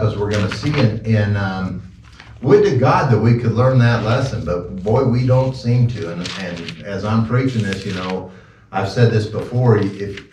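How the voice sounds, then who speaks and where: A man preaching as pastor in a folksy, joking way, with halting restarts. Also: lowish voice, darkish tone, slight background noise. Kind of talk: sermon. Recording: roomy, distant, dull lo-fi church recording.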